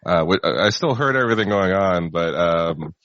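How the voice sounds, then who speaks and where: A man's voice: low-pitched, animated, moderate pace, a bit bright, no echo. A man in casual podcast chat who makes wry, dry quips. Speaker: podcast guest. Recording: dry, slightly dull audio.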